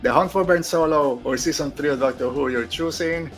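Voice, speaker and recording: A man's voice: a little high, brisk, soft background music. A man co-hosting a podcast in a casual chat, answering in short replies and laughing often. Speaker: podcast co-host.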